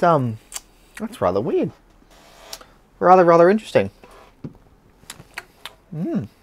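An Australian man hosting a casual beer-tasting vlog, chatty and blunt, with slang and swearing. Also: mid-range voice.

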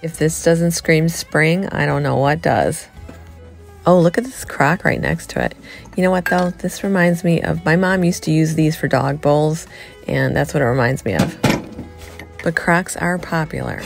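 A middle-aged woman chatting excitedly to viewers as she shops a thrift store, filming on a handheld phone. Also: sits low, moderate pace, gravelly, soft background music. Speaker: vlogger. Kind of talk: casual thrift-store vlog chat.

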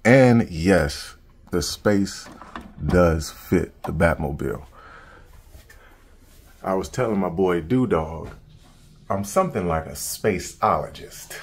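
A man chatting casually while showing off his toy collection at home, joking and slangy and quick to laugh. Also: low-pitched, husky. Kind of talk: casual unboxing chat. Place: home collection room with shelves.

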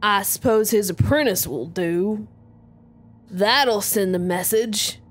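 A woman's voice: mid-range voice, pitched below the performer's own voice, natural voice. A woman voicing a menacing, sweet-talking Southern man with a put-on drawl, reading a visual novel villain aloud. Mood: syrupy menace. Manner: slow, syrupy, threatening.

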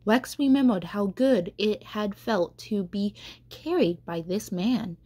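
A woman catechist reading a children's storybook aloud in a gentle, unhurried way. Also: mid-range voice, lively intonation, breathy edge.

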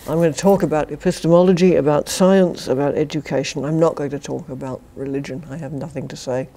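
Gravelly-voiced older British woman lecturing. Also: deep voice, fairly even intonation, fast talker, warm tone. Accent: British English. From Britain. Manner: wry, dry humour with chuckled asides. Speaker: philosophy professor giving a lecture. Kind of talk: academic lecture. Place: university lecture to a student society.

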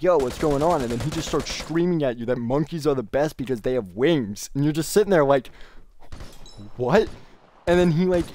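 A man's voice: fairly high pitch, slight background noise. Gaming youtuber guy ranting over gameplay, swears a lot, voice jumps all over. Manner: rambling, profane, animated ranting. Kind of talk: casual gameplay commentary.

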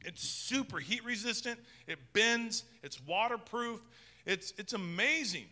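A man delivering a casual, conversational sermon in a church. His voice sits high and sounds piercingly bright, and he stumbles into frequent restarts. The sound carries a long reverberant tail from the hall. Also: lively intonation, a little slow. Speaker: pastor.

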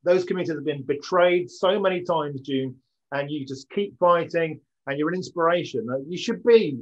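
A man's voice: fairly high pitch, normal speed. A man from Britain hosting a political talk show, talking earnestly and rising to enthusiasm. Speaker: show host. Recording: dull, lo-fi audio.

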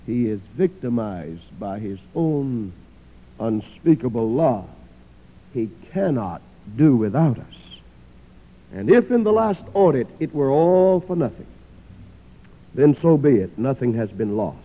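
A male preacher giving a sermon, swinging from loud declarations to hushed pleas. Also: medium pitch, big pitch swings, measured pace. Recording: phone-like old recording with long hall reverb.

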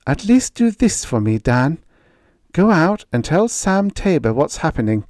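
A man's voice: on the high side, big pitch swings, unhurried, darkish tone, no room sound, clean studio sound, voice pushed up. Man voicing a pleading young ranch wife. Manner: urgent and pleading.

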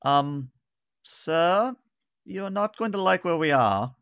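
A man's voice: a little high, animated, slow pace, a bit bright, clean tone, no echo, clean studio sound, pitched above the performer's own voice, exaggerated voice. A man doing an uneasy ship officer. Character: crew officer, nervous and dutiful.

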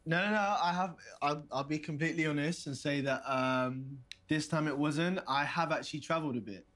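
A man's voice: a little high, brisk, fairly bright tone, lightly acted. Actor as a stammering young man on a date. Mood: eager. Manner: hesitant, stammering, polite. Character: hesitant, eager young man on a video date. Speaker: player character on video dates.

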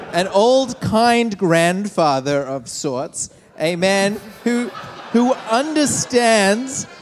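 Man, game master, deadpan, lively pitch, unhurried, music behind. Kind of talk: live comedy game narration.

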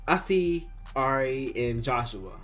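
A young man telling a casual storytime vlog, slangy and animated, acting out what people said. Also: mid-range voice. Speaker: vlogger.

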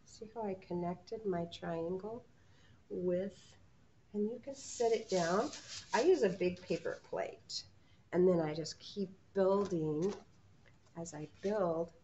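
A woman teaching preschoolers, talking gently and encouragingly to small children and leading a sing-along. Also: lowish voice, takes it slowly, lo-fi sound, slight background noise.

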